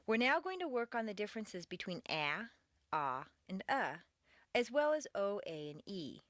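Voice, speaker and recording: Woman narrating a lively scripted pronunciation lesson. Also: mid-range voice, dry recording. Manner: clear, deliberate, careful articulation. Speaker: pronunciation teacher.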